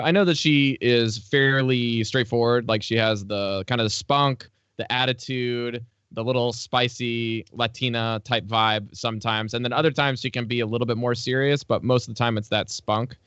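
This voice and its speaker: A man's voice: medium pitch, fairly even intonation, normal speed, few pauses, fairly bright tone, clean tone, dry recording, muffled recording. A man co-hosting an interview, asking rambling, hedging questions. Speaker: podcast co-host. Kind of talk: casual interview chat.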